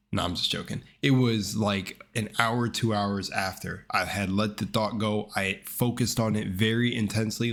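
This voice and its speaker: A young man telling a personal story to his viewers in a rambling, excitable way, with casual swearing and repeated words. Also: fairly low pitch. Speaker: channel host.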